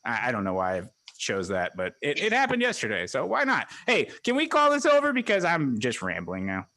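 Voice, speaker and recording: A man's voice: mid-range voice, wildly swooping pitch, brisk, pushed and bright. A man rambling in a jokey, self-mocking way as a comedy guest, talking from his living room on a video call. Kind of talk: casual rambling comedic chat.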